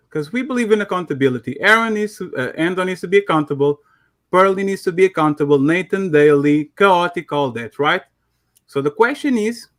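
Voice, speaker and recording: Accented male caller, raised pitch, persistent and confrontational. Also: fairly bright tone. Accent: foreign accent. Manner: pressing, argumentative.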